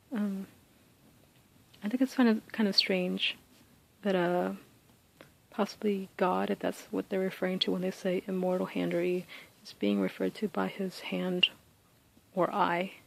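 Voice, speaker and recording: A woman giving a casual spoken lesson, thinking aloud with many ums and uhs and reading poem lines slowly and deliberately. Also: mid-range voice, creaky, poor audio. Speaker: teacher explaining close reading.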